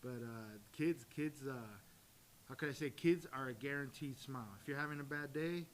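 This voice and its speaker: A jiu-jitsu coach telling stories in a casual interview, acting out the dialogue with lively energy. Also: male voice, medium pitch, moderate pace. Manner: animated storyteller, acts out quoted dialogue. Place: gym. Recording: faint background hiss.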